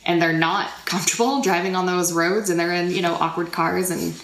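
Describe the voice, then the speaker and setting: A woman's voice: lowish voice, fairly even intonation, fairly quick, vocal fry, fairly bright tone, echoey room, poor audio. A young woman co-hosting a casual travel chat, chatty and laughing as she tells stories. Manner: chatty, laughs while telling. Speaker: podcast co-host.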